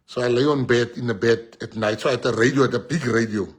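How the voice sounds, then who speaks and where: A husky-voiced South African man addresses his supporters as their party leader, his pitch sitting in an ordinary middle range. He delivers an impassioned rally speech that swings between loud, animated exhortation and quiet, confiding storytelling. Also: quick pace, few pauses. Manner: animated, switches between shouting and hushed storytelling.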